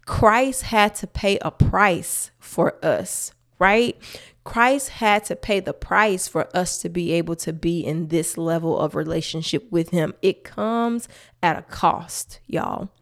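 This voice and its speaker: A woman's voice: lowish voice, slow. A woman hosting a faith-based podcast, talking earnestly and emphatically straight to her listeners. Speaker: podcast host.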